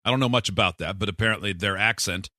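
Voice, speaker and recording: A man's voice: fairly low pitch, quick pace, sharp tone, dry recording, clean studio sound. A man hosting a radio show, bantering casually with co-hosts. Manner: chatty, jokey. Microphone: studio microphone.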